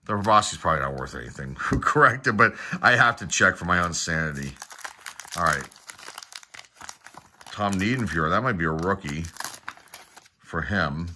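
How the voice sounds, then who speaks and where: A man's voice: low-pitched, expressive, sharp tone, slight background noise. A middle-aged man opening packs of baseball cards, reading player names off one by one and adding casual asides. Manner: rattles off player names in a quick list, with asides. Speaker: card collector opening packs. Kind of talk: casual pack-opening commentary.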